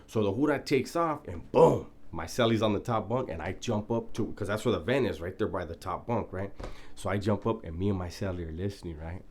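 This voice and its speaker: A man's voice: lowish voice, brisk, darkish tone, slight background noise. A man telling a prison story in a laid-back, profane, casual way, often breaking into laughter.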